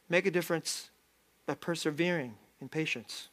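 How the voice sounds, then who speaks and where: A man preaching a sermon as pastor, lively and self-deprecating, often laughing as he talks. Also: high voice, moderate pace, pauses often. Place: church sanctuary.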